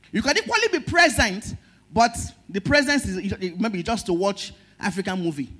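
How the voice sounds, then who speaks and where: A middle-aged woman with a Nigerian accent preaching a sermon as pastor, emotional, swinging between loud stress and soft words. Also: medium pitch, big pitch swings, a little slow, pauses often, breathy edge.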